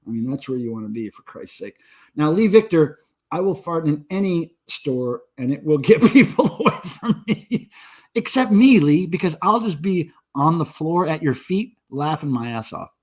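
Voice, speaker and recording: A man's voice: fairly high pitch, animated, moderate pace. A man in his forties hosting a casual livestream, drinking beer and joking crudely with viewers in the chat. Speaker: livestream host.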